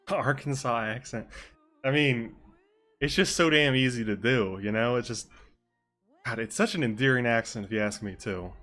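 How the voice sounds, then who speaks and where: Casual young male streamer, jokey and foul-mouthed, mid-range pitch, soft music underneath. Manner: loose, joking, swears freely, laughs often. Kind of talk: casual live-stream chat during game role-play.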